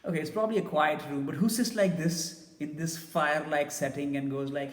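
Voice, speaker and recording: A man's voice: fairly high pitch, brisk, few pauses, echoey room, big-room sound, soft background music. A man giving a casual, blunt and opinionated tech review.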